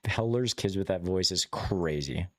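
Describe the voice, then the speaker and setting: A man's voice: low voice, measured pace, dry recording, clean studio sound. A man making joking, wry asides while he streams a game. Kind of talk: casual gaming commentary.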